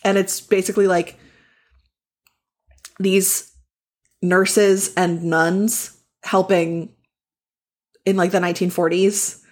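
A woman's voice: on the low side, level tone, slow, pauses often. A woman co-hosting a book podcast in casual chat, chatty and frank, with lots of fillers. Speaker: podcast co-host.

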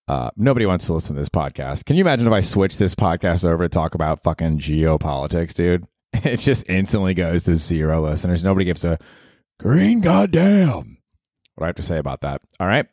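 A man's voice: sits low, a little mellow, dry recording, clean studio sound. A man hosting his comedy podcast, rambling, swearing and poking fun at himself. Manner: profane, rambling, self-mocking. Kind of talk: casual comedy monologue.

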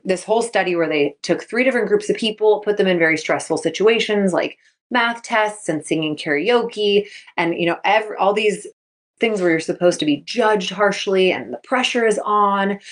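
A woman in her thirties hosts her own sports mindset podcast, talking in a casual, upbeat way. Her voice sits in a middle pitch, and she often acts out what people say. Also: moderate pace. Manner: upbeat, chatty, acts out quotes. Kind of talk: casual solo podcast talk.

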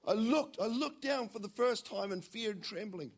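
A male preacher giving a sermon in a slightly high voice. He tells stories with energy, swinging between loud bursts and quiet asides. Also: expressive, moderate pace.

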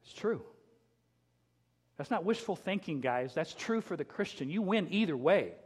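A middle-aged man preaching a sermon, telling a personal story with emotion and dropping to a hushed voice at tender moments. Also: high-pitched, expressive, moderate pace, slightly rough, big-room sound. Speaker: pastor.

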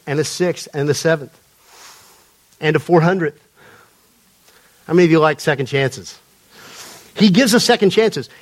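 A man preaches to a congregation in a high-pitched voice. He talks in a loose, joking, storytelling way. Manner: conversational, humorous storytelling. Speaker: pastor. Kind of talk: sermon. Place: church before a live congregation.

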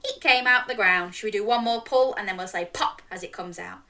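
A woman reading a picture book aloud to young children, animated and interactive, coaxing the listeners to join in. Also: mid-range voice, fairly quick, recorded from a distance. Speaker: children's storyteller.

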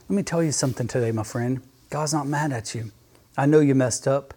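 A man's voice: medium pitch, fairly quick, dark tone. A man preaching a fervent sermon on his podcast, speaking straight to the listener. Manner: fervent, emphatic, addresses listener as "my friend".

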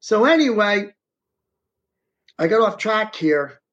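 A middle-aged man recounts his own story slowly and deliberately, circling back and repeating himself as he goes. The audio is dull and muffled. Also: sits high, big pitch swings, a bit bright. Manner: rambling and repetitive, recounts in present tense. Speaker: interview guest. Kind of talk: first-person storytelling.

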